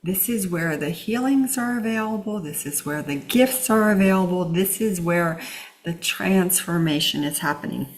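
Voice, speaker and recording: A woman leading a spiritual healing lesson, speaking in an unhurried way with many pauses and fillers and sometimes dropping to a soft whisper. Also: on the low side, expressive. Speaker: healing teacher. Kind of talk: spiritual teaching talk.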